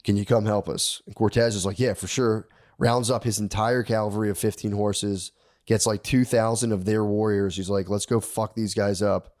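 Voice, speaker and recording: A man's voice: fairly low pitch, level tone, normal speed, darkish tone. Slangy man telling a story. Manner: profane, slangy, acts out characters' lines. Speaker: podcast co-host telling a history story. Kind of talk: casual storytelling chat.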